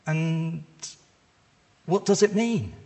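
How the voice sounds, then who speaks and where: A man preaching a sermon, retelling a story in a lively, conversational way with casual asides. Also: fairly high pitch, extremely slow. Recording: long reverb of a large hall.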